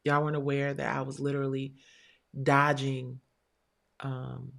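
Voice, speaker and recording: A woman's voice: rumbling low, little pitch movement, a little slow, creaky. A woman hosting a live stream show, telling a story in a candid, blunt and profane way. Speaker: livestream show host. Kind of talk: casual livestream talk.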